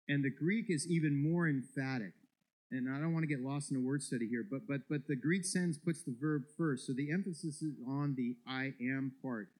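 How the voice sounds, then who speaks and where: Emphatic higher-voiced male preacher. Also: moderate pace, a little mellow, rough recording. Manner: emphatic preaching, repeats words when building a point. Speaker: pastor. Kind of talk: sermon.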